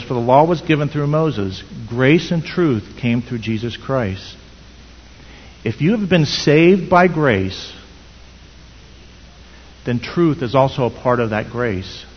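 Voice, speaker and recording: A man's voice: mid-range voice, slightly rough. A man preaching a sermon in an earnest, storytelling manner with many rhetorical questions. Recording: dull sound in echoey hall.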